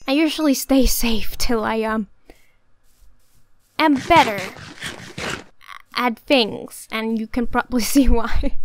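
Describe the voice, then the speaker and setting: A woman's voice: fairly high pitch, slow pace, pauses often, slight background noise, low-quality recording. A young woman giving casual gameplay commentary, muttering to herself, swearing and getting exasperated. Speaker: gaming YouTuber. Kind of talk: casual let's-play commentary.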